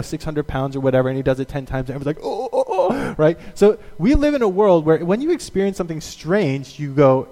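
Animated male pastor in a reverberant hall. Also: a little high. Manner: animated storyteller acting out quotes. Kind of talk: sermon.

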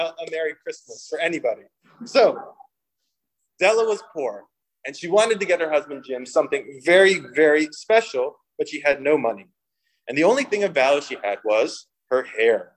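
A young man preaching a sermon, mixing humorous personal stories with scripture and lively voiced quotes. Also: a little high, brisk, low-quality recording. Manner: storytelling with humor, animated quoting. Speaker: pastor.

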